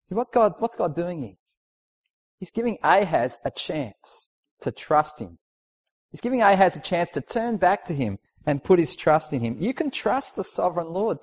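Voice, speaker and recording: A man delivers a sermon in a fairly high voice. He preaches conversationally but with emphasis, pressing his points with rhetorical questions and reading passages aloud. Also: big pitch swings, moderate pace.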